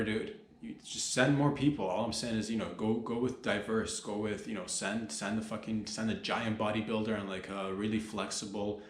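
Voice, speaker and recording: A man's voice: lowish voice, reverberant. A man hosting a comedy podcast, riffing in a loose, profane monologue full of slang and mock-panicked outbursts.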